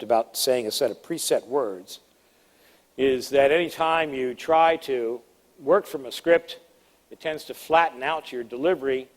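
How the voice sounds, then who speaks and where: A man giving a presentation-skills seminar in a lively, emphatic, conversational way with playful asides. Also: medium pitch. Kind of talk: live seminar talk. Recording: long hall reverb.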